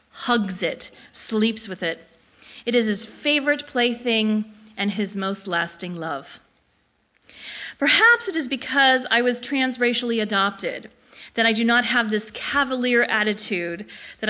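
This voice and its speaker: A woman reading her own personal essay aloud in a reflective, measured way. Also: fairly high pitch, bright, forceful tone. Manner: reflective, measured, with brief slips and restarts. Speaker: narrator.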